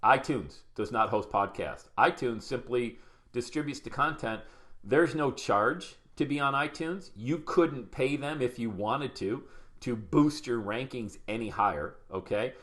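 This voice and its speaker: A man's voice: mid-range voice, measured pace, fairly bright tone. A middle-aged man teaching podcasting on a live stream, upbeat and chatty, greeting viewers by name. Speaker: podcast coach.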